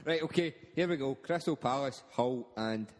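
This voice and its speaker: A man's voice: mid-range voice, moderate pace, in a large hall. A man in a podcast's casual sports banter, crude and jokey, talking over the others. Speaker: podcast regular.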